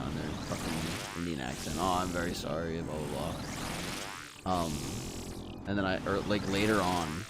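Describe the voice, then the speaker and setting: A man streaming a game, chatting loosely with viewers, swearing freely and telling rambling stories. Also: low-pitched. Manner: chats with viewers between fights. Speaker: livestreaming gamer. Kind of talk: casual live-stream chat. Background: game music.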